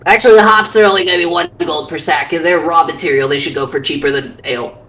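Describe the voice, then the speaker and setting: A woman voicing a brisk shopkeeper who lists her wares and prices in an offhand, salesy way. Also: sits low, fairly bright tone. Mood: businesslike. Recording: roomy and distant mic.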